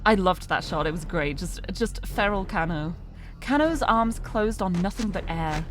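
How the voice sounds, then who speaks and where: A woman's voice: fairly low pitch, expressive, normal speed, fairly bright tone, soft background music. A woman streamer reading a story game aloud, narrating expressively and breaking off to laugh and comment.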